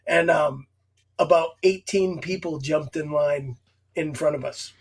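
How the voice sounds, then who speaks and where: A man with a notably high pitch tumbles eagerly through a story, restarting phrases as his excitement runs ahead of him. He comes across as a guest chiming in on a relaxed chat. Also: unhurried, husky. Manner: excitable, tripping over his words as he builds a point. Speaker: podcast guest. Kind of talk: casual chat.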